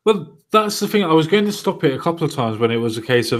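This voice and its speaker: A man's voice: medium pitch, fairly quick. A man hosting a casual political podcast, talking loosely and mocking what others said. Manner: conversational, mocking quotes. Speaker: podcast host.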